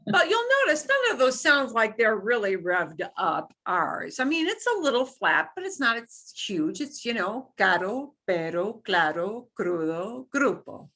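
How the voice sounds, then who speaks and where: Lady teaching beginner spanish, bright voice, repeats words slow and playful. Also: fairly high pitch, sing-song. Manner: demonstrates sounds by slow repetition, playful. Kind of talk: beginner language lesson.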